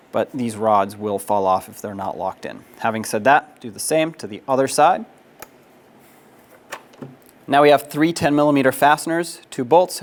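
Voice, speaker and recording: A man narrating a hands-on auto repair tutorial, practical and step-by-step, with casual fillers. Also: lowish voice. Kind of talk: instructional how-to narration.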